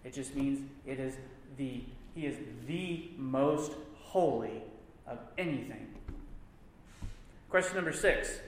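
A man's voice: mid-range voice, slow pace, slight background noise. A man teaching a church Bible class, stressing points by repeating words. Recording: echoey room with long reverb.

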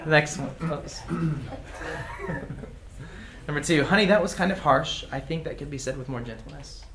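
A man's voice: on the high side, normal speed, fairly bright tone. A man teaching a casual class, reading example phrases aloud and chuckling often. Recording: echoey room with faint noise.

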